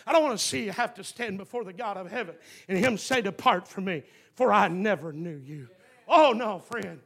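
A man preaching a fiery revival sermon, swinging from quiet, close talk to shouted, repeated lines. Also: high-pitched, expressive, normal speed, creaky.

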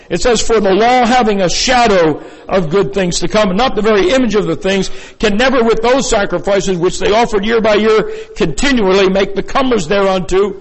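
A man's voice: high voice, vocal fry, in a large hall, low-quality recording. A man preaching a sermon as pastor, in a folksy, rambling way with many fillers and asides. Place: church sanctuary.

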